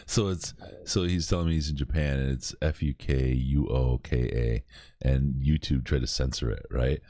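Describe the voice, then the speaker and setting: A man's voice: rumbling low, moderate pace, warm tone, no echo, studio quality. A man hosting a late-night charity podcast, reading out live comments, joking and laughing often, tired. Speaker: podcast host.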